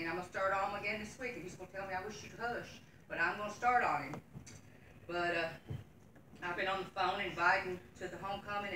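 A woman's voice: lowish voice, bright, forceful tone, a little hiss or hum. A middle-aged woman, giving a Sunday school lesson in church in an earnest, folksy way, reading scripture aloud. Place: church room. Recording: echoey room from far off.

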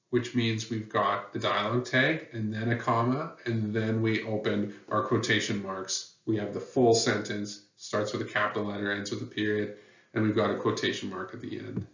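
A man's voice: lowish voice, steady tone, moderate pace, fairly bright tone. A man teaching a lesson on writing rules, patient and plain, with many fillers. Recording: dull, roomy sound from a distant mic.

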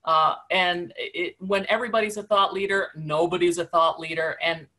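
A woman's voice: fairly low pitch, steady tone, moderate pace, sharp tone. A woman hosting a casual web conference discussion, wry and opinionated with a jokey edge. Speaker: host.

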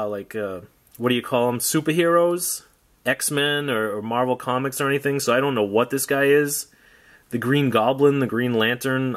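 A man talks loosely through an unboxing of old toys, his pitch sitting in an ordinary middle range. His commentary wanders, full of wry little jokes and offhand asides. The tone stays relaxed and unscripted throughout. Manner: rambling, wry, jokey asides. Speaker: toy collector vlogger.

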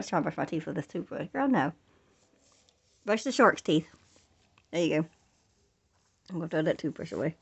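A woman's voice: deep voice, normal speed, vocal fry, long pauses, slightly rough, muffled recording. A young woman filming a casual family vlog at home, talking playfully to her toddler in coaxing baby talk and laughing often. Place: home, on the floor indoors.

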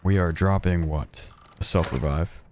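A man's voice: sits low, a little slow, noisy background. A man streaming a shooter game, chatting casually, reacting aloud and thanking donors as he plays. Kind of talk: casual gameplay commentary.

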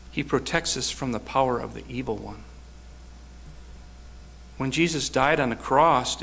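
A man's voice: mid-range voice, fairly bright tone, slightly rough. A man preaching a sermon, telling a personal story with earnest, rising emphasis.

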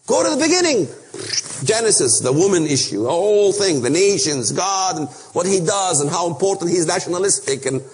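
Man, preaching a Bible lesson, emphatic rhetorical questions, high voice, echoing hall. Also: animated, fairly quick, hardly any pauses, a little hiss or hum. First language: Arabic. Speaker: speaker on biblical prophecy. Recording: long reverb of a hall.

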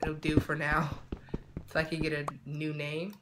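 A man giving casual let's-play commentary, talking to himself in a chatty way with quick excited outbursts. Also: fairly high pitch, heavy background noise. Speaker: gaming channel host.

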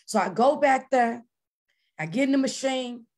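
Female church missionary, high voice, lively storyteller who acts out voices and erupts in praise. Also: normal speed. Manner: animated storytelling, acting out quoted voices; bursts into shouted praise. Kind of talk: personal testimony at a prayer service.

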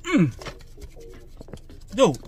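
A man eating and reviewing fast food in a parked car, talking excitedly and calling his viewers "guys" and "man". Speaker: food vlogger. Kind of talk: casual food review vlog. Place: parked car, traffic passing outside. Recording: faint road noise from inside a car. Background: cars passing by.

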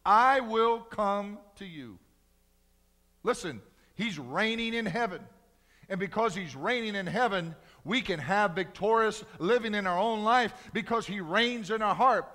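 A male pastor preaching a sermon in a church, swinging from loud cries to hushed, slow emphasis. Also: high voice, long reverb tail. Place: church sanctuary.

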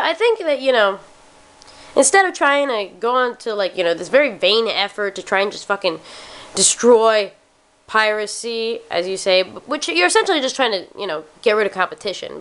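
Animated, slurring woman ranting bluntly. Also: a little high. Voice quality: slightly slurred speech. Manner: swears often, blunt and opinionated. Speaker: vlogger. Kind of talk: casual ranting monologue.

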